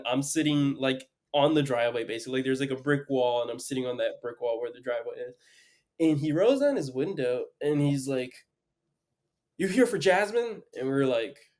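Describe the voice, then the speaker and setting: Young male podcast host, mid-pitched, casual rambling storyteller. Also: a little mellow. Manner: rambling, heavy use of "like".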